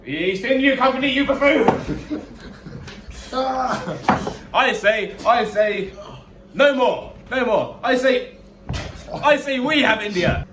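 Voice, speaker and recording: A man's voice: a little high, expressive, measured pace. A man playing a pompous, blustering Victorian prime minister in an improvised comedy sketch, exclaiming in an upper-class manner. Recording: echoey room with background noise.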